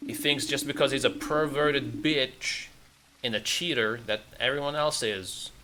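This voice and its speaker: A man's voice: mid-range voice, unhurried, sharp tone, a little hiss or hum. A man streaming a game, giving casual, blunt and sarcastic commentary, with some swearing. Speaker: gaming streamer.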